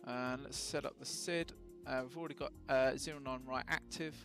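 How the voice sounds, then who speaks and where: A man's voice: medium pitch, steady tone, moderate pace, music in the background. A man casually talking through his flight sim setup on a live stream, chatty and full of ums and self-mocking jokes.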